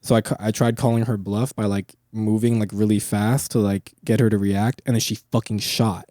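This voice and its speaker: Young guy on a podcast, kinda low dark voice, dry mic, just rambling with tons of swearing and fillers. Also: flat delivery, normal speed, dry recording. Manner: rambling storyteller, heavy swearing and filler words. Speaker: podcast host. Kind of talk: casual chat.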